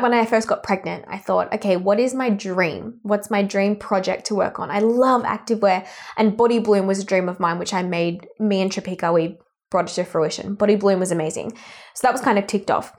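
A woman's voice: medium pitch, brisk. Bubbly young Australian woman. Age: young adult. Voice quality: bubbly, laughs often, says "like" a lot. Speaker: guest. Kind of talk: casual chat.

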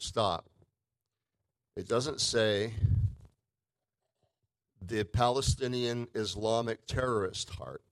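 A man preaching a sermon in a conversational way, with emphatic swings between loud and soft. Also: on the low side, slow, pauses often, dry recording, poor audio.

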